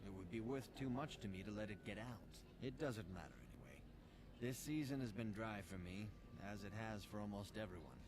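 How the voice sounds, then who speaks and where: A man's voice: lowish voice, lively intonation, brisk, background noise, lightly acted. An actor playing a curt, sarcastic male hunter in a video game. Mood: guarded. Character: gruff male desert hunter, curt and dismissive. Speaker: game character.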